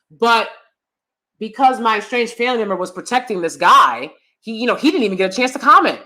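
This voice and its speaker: A woman's voice: fairly high pitch, animated, brisk, sharp tone. A woman hosting her own channel, talking in a casual commentary style, emphatic and chatty, often checking in with "you know" and "right" and repeating lines for emphasis. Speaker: channel host.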